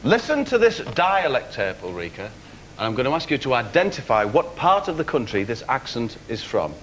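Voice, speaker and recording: Animated male comic quiz host. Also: medium pitch, a little fast. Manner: playful, mock-dramatic announcing. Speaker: game show host. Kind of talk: comic quiz show hosting. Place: TV studio. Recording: echoey studio with loud noise.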